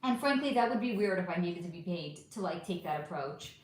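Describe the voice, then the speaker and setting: Animated woman in an echoey room. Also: lowish voice, fairly quick. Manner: animated, blunt, sarcastic with commenters. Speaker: livestream host reading chat. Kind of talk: casual livestream chat. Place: home room. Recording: roomy echo.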